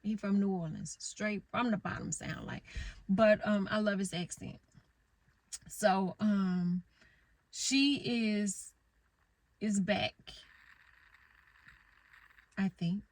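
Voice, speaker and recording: A woman's voice: medium pitch, slow, long pauses. A middle-aged woman vlogging from her parked car, telling stories in a blunt, rambling way and swearing freely. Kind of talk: casual candid storytelling.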